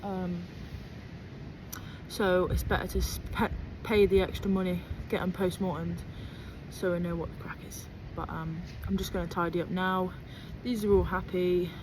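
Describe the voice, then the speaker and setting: A woman's voice: fairly low pitch, little pitch movement, moderate pace, background noise. A woman, a sheep farmer, chatting casually with lots of ums while doing her chores outdoors. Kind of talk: casual farm vlog chat. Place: outdoors on a farm.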